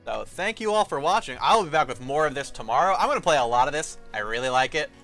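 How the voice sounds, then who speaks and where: A man streaming a video game, giving casual commentary, excitable, swearing and reacting loudly to what happens on screen. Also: on the high side, fast talker. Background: game music.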